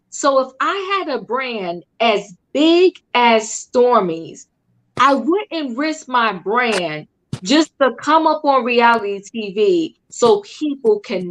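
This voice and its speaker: A woman hosting a casual recap chat, chatty and emphatic, often repeating herself. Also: a little high. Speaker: host.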